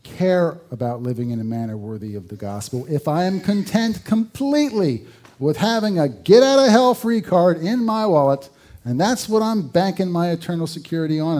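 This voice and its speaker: Mellow-voiced male pastor preaching. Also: fairly high pitch. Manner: conversational, rhetorical questions, dry humor. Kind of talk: sermon.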